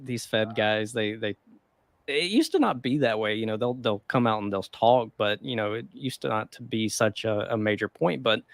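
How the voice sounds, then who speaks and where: A man's voice: lowish voice, moderate pace, vocal fry, no echo. A man co-hosting a casual podcast, rambling loosely with lots of fillers and frequent chuckles. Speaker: podcast co-host. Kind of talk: casual chat about the stock market.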